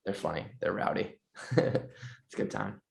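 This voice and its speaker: A man's voice: low voice, steady tone, measured pace, vocal fry. A man from the United States chatting casually as a guest, rambling with many fillers. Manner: rambling, filler-heavy talk. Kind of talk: casual chat.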